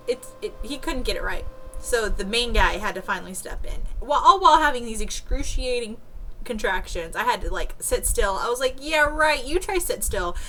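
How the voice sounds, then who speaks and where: Brief: young woman, vlogger, bright and forceful tone, chatty with lots of fillers, faint room hum. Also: mid-range voice, rough recording. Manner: chatty, laughs often, frequent "like" fillers. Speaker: new mother telling her birth story. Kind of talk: casual vlog storytelling.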